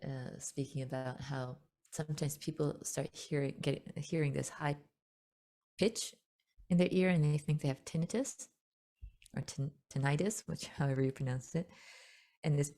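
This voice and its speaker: Low, mellow woman teaching gently. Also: steady tone, normal speed. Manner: gentle, chatty, laughs often, many fillers and restarts. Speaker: spiritual teacher hosting a webinar. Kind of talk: casual spoken teaching.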